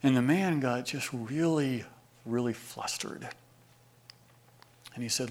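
A man in his forties delivers a sermon and tells a story. His voice has a gravelly, fry-tinged edge at a middle pitch. He slides from low, hushed asides into loud, emphatic declarations. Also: measured pace, pauses often. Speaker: pastor.

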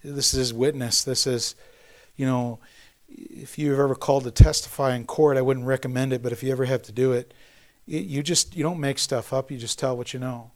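A middle-aged man preaching a sermon in a conversational, joking way, with self-deprecating asides and animated storytelling. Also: medium pitch, brisk. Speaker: pastor.

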